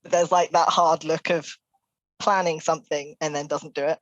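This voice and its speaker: A woman's voice: low voice, fairly even intonation, normal speed, dry recording, dull audio. A woman playing a tabletop game, easygoing and often laughing. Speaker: player.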